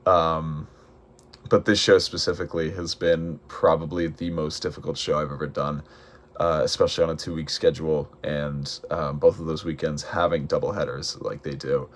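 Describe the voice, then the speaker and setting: A man's voice: extremely low pitch, flat delivery, normal speed. A young man in musical theatre, chatting casually in a vlog, tired, with many ums and restarts.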